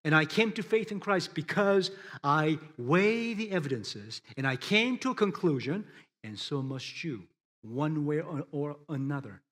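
A man's voice: a little high, animated, measured pace, a bit bright. A man preaching a sermon, addressing his listeners as friends and driving points home with emphatic rises and drops.

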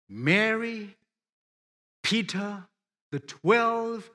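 Guy preaching a sermon, calls everyone friends, slow delivery, voice sits a bit high. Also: fairly bright tone. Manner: emphatic, rises and drops sharply for effect; addresses listeners directly as friends.

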